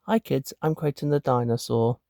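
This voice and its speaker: A man's voice: medium pitch, steady tone, normal speed, vocal fry, mellow, dry recording, studio quality, pitched above the performer's own voice, close to an everyday voice. A man voicing a cheerful costumed dinosaur who hosts a kids' show in a comic. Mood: cheery.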